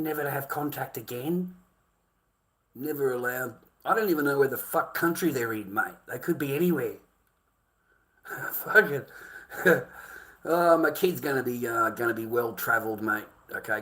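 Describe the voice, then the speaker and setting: A man's voice: medium pitch, fairly bright tone. Swearing Australian man ranting on stream. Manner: profane, swearing constantly, addresses viewers as mate and boys. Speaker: livestreamer. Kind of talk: livestream rant to chat.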